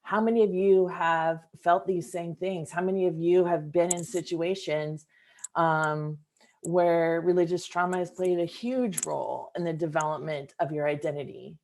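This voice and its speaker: A woman's voice: lowish voice, fairly even intonation, normal speed, a little mellow. A woman hosting a podcast interview, talking in a thoughtful, earnest way and speaking straight to her listeners. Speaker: podcast host. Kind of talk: reflective interview conversation.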